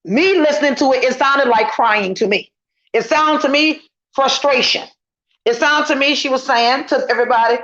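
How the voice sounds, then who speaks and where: A woman's voice: high-pitched, normal speed, fairly bright tone. A middle-aged woman guesting on a casual online commentary chat, talking emphatically and repeating her points as she vents. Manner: emphatic, repetitive, indignant venting. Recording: lo-fi dull audio.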